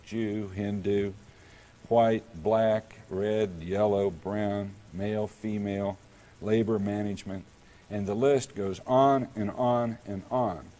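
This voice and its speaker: A middle-aged man from Kansas, a mayor, delivering a prepared public lecture in a measured, deliberate storytelling manner. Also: fairly low pitch, dark tone.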